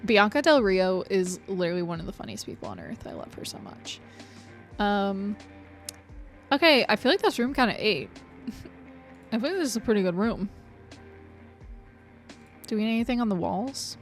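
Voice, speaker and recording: A woman's voice: mid-range voice, sing-song, moderate pace, long pauses. Young woman, streamer, casual chat, rambling, profane, laughs a lot, faint background music. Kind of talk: casual chat while playing a game.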